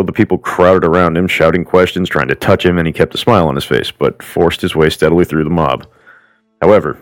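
A man's voice: low-pitched, no room sound, rough recording. A man narrating a comedic parody of a classic tale in a storybook tone with irreverent, crude asides.

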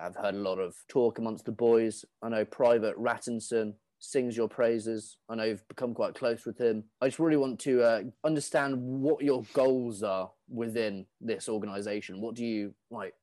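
A man's voice: on the low side, fairly even intonation, moderate pace, few pauses, dark tone, no room sound, natural voice. A man doing a smug, self-important army sergeant.

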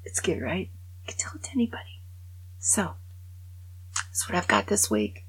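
Older woman, podcast host, casual storyteller, lowish pitch, husky breathy tone. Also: big pitch swings, normal speed, whispered. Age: over 65. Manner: conversational storyteller, drops to a hushed voice for sad parts. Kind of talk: casual monologue telling a joke.

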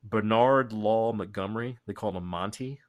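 A man with a Texan accent, hosting a podcast and telling history in a casual, profane way, laughing often and doing quick voices. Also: lowish voice, no echo, muffled recording. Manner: profane, laughing, animated storytelling. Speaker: podcast host.

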